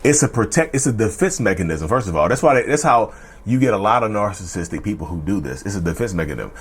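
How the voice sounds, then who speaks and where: A man's voice: on the low side, animated, quick pace, breathy edge. Rambling man talking casually to viewers. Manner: rambling, repeats phrases, calls viewers "y'all"; acts out short quoted threats in a changed voice. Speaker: mental health video host. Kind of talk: casual explanatory monologue.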